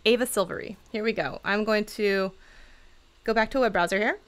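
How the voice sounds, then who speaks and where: A woman from the Seattle area chats casually on a livestream, giving channel advice in a bubbly, talkative manner and laughing often. Her voice is medium-pitched, brisk, and smooth.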